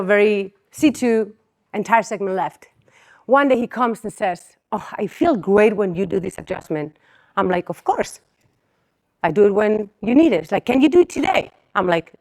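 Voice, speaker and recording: A woman speaking to a conference audience in a loose, conversational way. She keeps dropping in "like" and quick asides to the room. She often acts out both sides of her talks with patients. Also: mid-range voice. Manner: lively storyteller who acts out dialogue with patients; chatty, fills speech with "like" and asides to the audience. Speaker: chiropractor giving a conference talk. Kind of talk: conference presentation. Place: conference hall stage.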